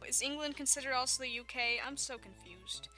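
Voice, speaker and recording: Soft music plays under this casual vlog from a Texan woman in her twenties with a Southern accent, who rambles, giggles and jokes at her own expense. Her high-pitched voice has a sharp tone and moves fairly quickly.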